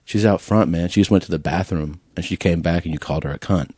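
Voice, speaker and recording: A man's voice: deep voice, fast, no room sound. A man hosting a comedy podcast, telling a story in casual chat and acting out what people said. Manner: animated storyteller acting out quotes.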